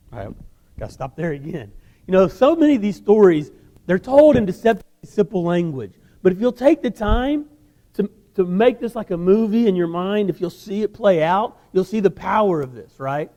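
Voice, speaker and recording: A man preaching a sermon, telling the story in an animated way with casual asides. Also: high-pitched, normal speed, big-room sound. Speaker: guest preacher.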